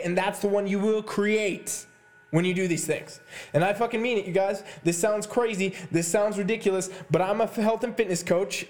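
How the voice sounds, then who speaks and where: A man who is a health and fitness coach, giving a heated motivational podcast rant full of swearing and repetition. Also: sits high. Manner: fired-up, swearing, hammering repetition. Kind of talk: intense motivational podcast monologue.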